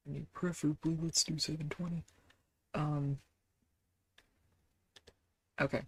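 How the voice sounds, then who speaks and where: Woman streamer, unhurried, gravelly, rambling chat over faint keyboard clicks. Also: sits low, slight background noise. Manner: rambling, self-deprecating, many fillers. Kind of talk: casual game stream chat.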